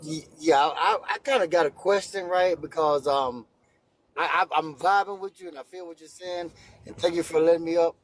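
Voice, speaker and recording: Man, 50s, caller, friendly, stammering, fairly high voice. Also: steady tone, normal speed. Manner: friendly, stammers and repeats words. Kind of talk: casual debate call.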